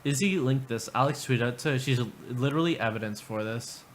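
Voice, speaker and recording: A man's voice: medium pitch, brisk, a little hiss or hum. A man hosting a livestream, commenting casually with profane, sarcastic remarks. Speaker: livestream host.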